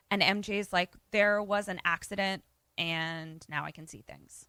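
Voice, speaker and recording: Bright-voiced woman recapping a movie. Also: mid-range voice, unhurried, smooth, no echo. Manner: animated retelling, acts out characters' lines. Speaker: podcast co-host.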